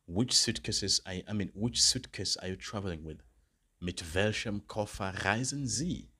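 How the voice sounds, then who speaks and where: A man tutoring for a beginner German exam, explaining in English and slowly repeating German phrases for learners. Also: fairly low pitch, bright, forceful tone. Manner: patient explainer, checks understanding with "right?" and "okay?". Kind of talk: exam-prep lesson.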